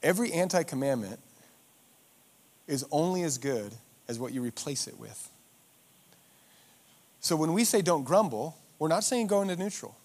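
A pastor preaching a sermon in church, swinging from loud rhetorical questions to hushed, slowed emphasis. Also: male voice, on the high side, animated.

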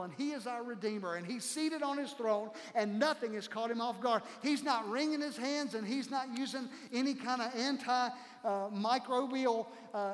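A male pastor preaching a sermon, dramatic and slowing down hard to land key words. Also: extremely high pitch, in a large hall. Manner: dramatic preaching, slows for emphasis.

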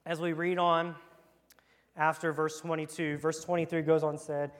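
This man, a children's church leader, reads scripture and jokes around casually while guiding kids through an interactive Bible lesson in a church room where they're present. He speaks at a normal speed with a fairly high, level voice.

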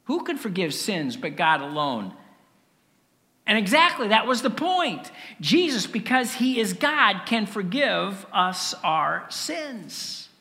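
A man preaching a sermon with earnest rhetorical questions and dramatic pauses. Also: high-pitched, sing-song, bright, forceful tone, big-room sound. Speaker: pastor.

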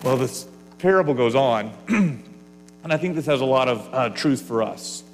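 A man's voice: mid-range voice, expressive, normal speed, in a large hall, a little hiss or hum. A man preaching a sermon to his congregation, earnest and varied, sometimes falling to a near whisper. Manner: earnest, varies loudness, drops to a whisper at times. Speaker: pastor.

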